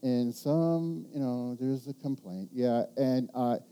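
Animated, dark-voiced pastor preaching. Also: male voice, mid-range voice, slow, clear, resonant tone. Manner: animated, rambling, frequent restarts and rhetorical questions. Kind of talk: sermon.

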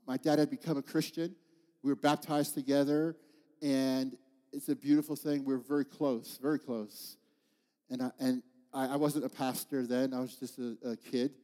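A man's voice: medium pitch, fairly even intonation, measured pace, dark tone, long reverb tail. A man in his fifties preaching a heartfelt sermon in church, telling stories and calling out to the congregation. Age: 50s. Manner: heartfelt storytelling with call-outs to the congregation. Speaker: pastor.

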